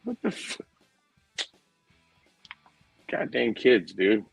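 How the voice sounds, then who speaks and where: A man's voice: medium pitch, wildly swooping pitch, a little slow, vocal fry, slightly rough, no room sound, faint music behind, poor audio. A man in his forties chatting casually on a podcast, rambling through profane anecdotes and calling everyone dude. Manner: profane, rambling storyteller, says dude a lot. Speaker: podcast host. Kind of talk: casual chat.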